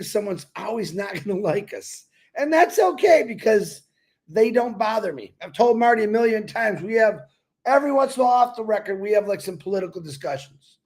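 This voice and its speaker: Creaky and a little mellow, the older retired co-host's congested voice sits high. He chats reflectively and easily on a pre-recorded show, breaking into laughter now and then.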